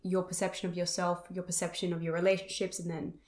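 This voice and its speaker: A woman's voice: on the low side, level tone, fast, darkish tone. A young adult woman co-hosting a podcast, speaking in a reflective, supportive way in casual chat, with frequent "um" and "like". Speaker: podcast co-host. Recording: roomy echo.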